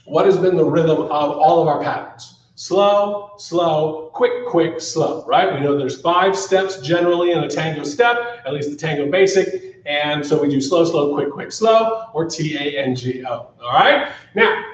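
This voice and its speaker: A man's voice: fairly high pitch, measured pace. A man teaching a live-streamed dance class who counts beats aloud and keeps checking in with "all right?". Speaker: ballroom dance instructor. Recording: echoey, distant, muffled studio sound.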